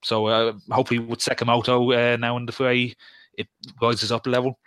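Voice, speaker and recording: A man's voice: medium pitch, level tone, fairly quick, a bit bright, smooth, no room sound. Hesitant man chatting, dry sound. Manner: hesitant, many fillers and restarts. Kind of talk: casual podcast chat about wrestling.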